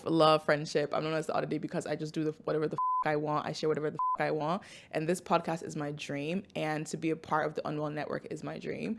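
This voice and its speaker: A woman in her twenties, from Nigeria, hosting a podcast in a loud, excitable, chatty way with frequent laughter. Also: low-pitched, creaky. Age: 20s. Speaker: podcast host. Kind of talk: casual podcast chat.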